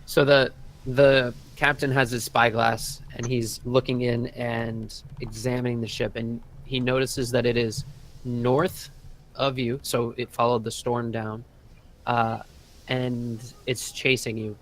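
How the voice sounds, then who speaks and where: A man running a tabletop session as dungeon master. He narrates in a relaxed, rambling way, full of ums and you-knows, at a middling pitch. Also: takes it slowly, slight background noise.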